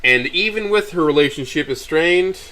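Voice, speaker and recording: A man's voice: on the high side, lively intonation, normal speed, bright, forceful tone. A man reading a story aloud on a stream, stumbling and correcting himself as he reads.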